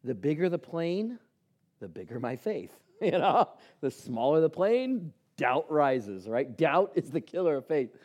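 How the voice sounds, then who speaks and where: A man's voice: a little high, unhurried. A man preaching a sermon, telling personal stories and acting out the dialogue in them. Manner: animated storyteller acting out dialogue. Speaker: pastor.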